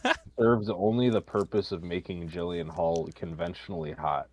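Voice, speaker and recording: A man's voice: low voice, steady tone, moderate pace. A man co-hosting a casual podcast, blunt and casual, with lots of "like" and "dude". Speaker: podcast co-host. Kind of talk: casual chat.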